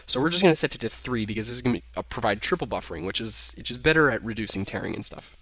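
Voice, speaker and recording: A man's voice: mid-range voice, expressive, rapid-fire, fairly bright tone, no echo. A young man casually talking through code in a programming tutorial, thinking aloud and correcting himself as he types. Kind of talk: screen-recorded coding tutorial. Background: keyboard typing.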